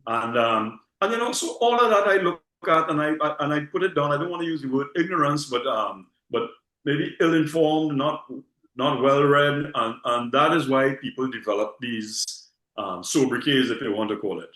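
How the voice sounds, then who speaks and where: A man's voice: mid-range voice, animated, normal speed, sharp tone. Trinidadian man, casual talk, roomy sound. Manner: repeats words, leans on rhetorical "okay?". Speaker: guest. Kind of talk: casual conversation.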